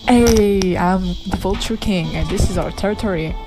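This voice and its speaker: A brash male vulture gang boss barks loud, taunting threats, as a woman puts him on. Clear game music plays behind him. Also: medium pitch, moderate pace, lightly acted.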